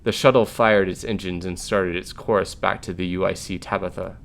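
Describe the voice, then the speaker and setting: A man reviewing a story game, narrating its text aloud in an even, plain way. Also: low voice, moderate pace, vocal fry.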